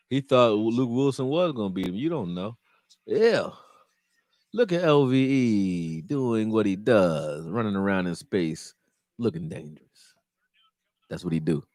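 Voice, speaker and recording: Animated low-voiced man, casual streamer. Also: unhurried, pauses often, dry recording. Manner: loose slangy talk, flares up loud at plays. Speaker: livestream host reacting to a football game. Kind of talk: casual live commentary chat.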